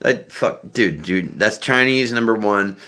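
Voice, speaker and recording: A man's voice: fairly low pitch, measured pace, bright, forceful tone. A man hosting a live stream, chatting casually in a profane, rambling way. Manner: profane, rambling, many fillers and restarts. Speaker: livestream host.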